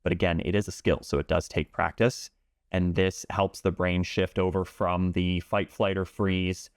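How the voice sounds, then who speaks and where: A man working as a pool instructor, explaining calmly and in measured terms during an interview. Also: low voice, no echo, studio quality. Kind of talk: interview talk.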